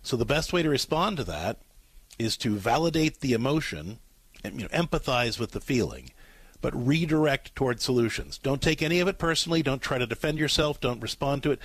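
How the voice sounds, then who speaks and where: A middle-aged man hosting a call-in advice show, coaching a caller in a calm, repetitive way. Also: mid-range voice, a little fast, no echo. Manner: calm, coaching, repeats key points. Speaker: radio advice host.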